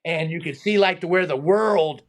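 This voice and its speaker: With a gravelly, fairly high voice at a moderate pace, this stunt man and high diver shares stories as a guest in a casual interview. He brings the anecdotes to life, acting out the quoted voices and laughing frequently.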